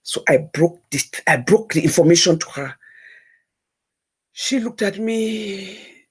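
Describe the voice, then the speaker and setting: Woman, husky, mid-range voice, emotional storyteller, animated, repeats herself. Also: mid-range voice, slow. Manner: animated, repeats phrases for emphasis. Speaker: guest telling a personal story.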